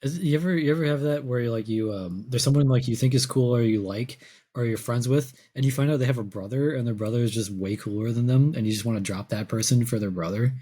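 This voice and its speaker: A laid-back man rambles through a podcast chat, pausing and restarting. His voice is dark and mellow with a husky edge. His tone stays relaxed throughout. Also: medium pitch. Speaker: podcast co-host. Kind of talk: casual podcast banter.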